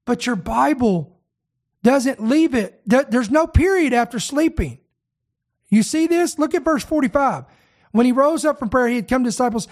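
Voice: medium pitch, expressive, moderate pace, a little mellow. A preacher delivering a sermon, speaking earnestly, repeating key words for emphasis and addressing the listeners directly.

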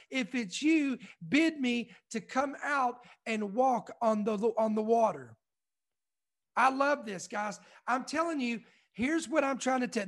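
A man with a strikingly high voice delivers a devotional sermon. He stacks rhetorical questions in long, insistent runs and speaks with building passion. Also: fairly bright tone. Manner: impassioned, repetitive rhetorical questions building intensity. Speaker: preacher.

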